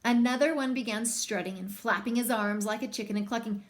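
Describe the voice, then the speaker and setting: A young woman reading a children's picture book aloud, with lively, chatty asides to young listeners. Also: fairly high pitch, brisk. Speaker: storybook reader.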